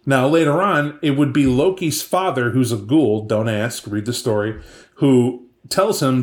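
In an echoey room, a man hosting a podcast recounts a tabletop game he ran as game master, casual and animated, with frequent asides. He speaks in a mid-range voice without hurrying.

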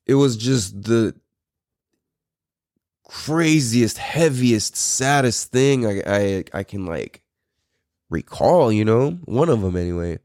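A man's voice: lowish voice, animated, slow pace, long pauses, darkish tone, dry recording, clean studio sound. A man in his thirties hosting a podcast, telling a story in a rambling, profane way with many fillers. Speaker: podcast host. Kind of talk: casual storytelling.

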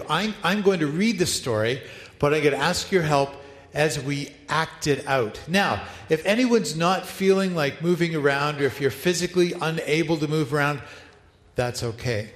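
A male pastor leading an interactive Bible story for his church, upbeat and playful as he directs the congregation. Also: fairly high pitch. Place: large church hall. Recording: echoey hall, long reverb.

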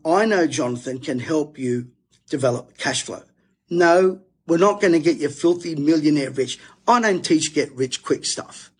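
A man's voice: on the high side, husky. A middle-aged Australian man hosting, delivering a fired-up, emphatic, preachy monologue to his audience. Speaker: host. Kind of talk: impassioned monologue to camera.

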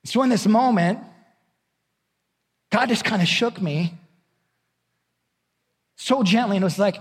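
A middle-aged male pastor preaches in a high, husky voice. He talks candidly and conversationally, restarting and repeating words as he goes. His voice rings with the long reverb of a large hall. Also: takes it slowly, long pauses. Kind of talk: sermon.

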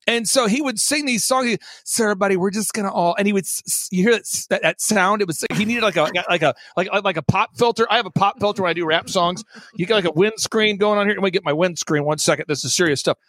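A man hosting a talk show, telling stories with lots of energy, emphatic and swinging between loud exclamations and low mocking impressions. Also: fast, no echo. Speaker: podcast host. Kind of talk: animated storytelling chat.

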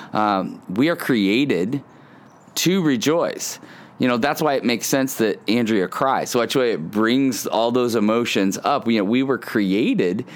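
A man hosting a weekly devotional podcast, talking in a relaxed, conversational way with frequent fillers and restarts. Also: mid-range voice. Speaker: podcast host.

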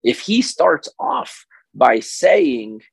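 Hoarse, husky man coaching on a podcast. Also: on the high side, very slow, no echo, rough recording. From Oklahoma. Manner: energetic, stammers on repeated words, jumps into playful voices. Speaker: podcast host and business coach. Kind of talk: casual solo podcast talk.

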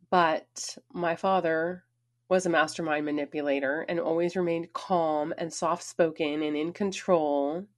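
Earnest woman telling her story. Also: on the low side. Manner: earnest, emphatic, shifting pace. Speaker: speaker sharing her story. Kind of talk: personal storytelling talk.

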